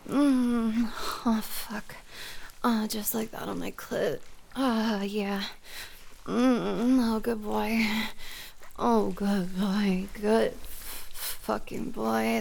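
A woman's voice: a little high, fairly even intonation, extremely slow, gravelly, a little mellow. A woman performing an erotic audio role-play in a dominant, teasing manner, often dropping to a whisper.

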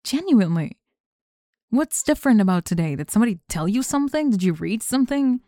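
A young woman acting a sharp-tongued, controlling student in a one-sided role-play monologue, sarcastic and exacting as she bosses her unheard partner. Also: fairly high pitch, sing-song, fairly quick, no room sound, clean studio sound. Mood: indignant. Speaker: student in a group project.

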